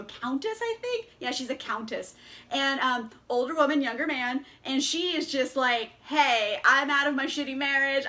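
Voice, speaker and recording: A woman's voice: sits high, pushed and bright. A woman vlogger casually chatting through a book haul, bubbly and giggly, with lots of fillers.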